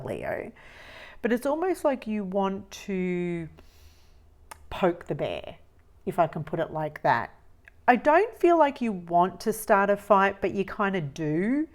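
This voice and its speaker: A woman giving a tarot reading, musing slowly and repeating phrases as she reads the cards. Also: fairly low pitch, lively intonation. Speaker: tarot reader.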